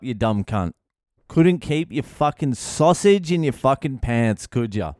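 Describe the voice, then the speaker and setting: A man's voice: mid-range voice, darkish tone, clean tone, dry recording. A man with an Australian accent hosting a podcast, giving brash, profane comedic advice into a close mic. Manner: brash, sweary, rowdy.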